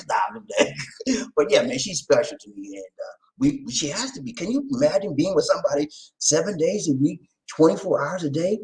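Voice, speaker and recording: Animated man hosting a casual stream. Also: brisk. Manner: animated, sings and shouts between low murmurs. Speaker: channel host. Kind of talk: casual livestream chat.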